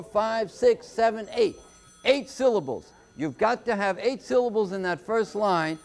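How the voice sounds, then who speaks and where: A man tutoring on a live call-in homework show, explaining poetry slowly and patiently, step by step. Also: high-pitched. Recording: telephone-era broadcast.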